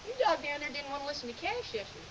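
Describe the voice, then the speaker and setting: A woman's voice: sits high, big pitch swings, very fast, lo-fi sound, background noise. A woman teaching a sheepdog handling lesson outdoors in a field, talking in a folksy, direct way and giving short commands. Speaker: sheepdog training instructor. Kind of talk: hands-on coaching lesson.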